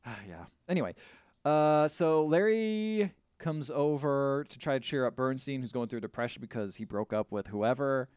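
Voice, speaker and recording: A man co-hosting a podcast, casually retelling a movie plot in an animated, rambling way. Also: mid-range voice, moderate pace, clear, resonant tone, no echo, studio quality. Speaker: podcast co-host. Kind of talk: casual movie recap chat.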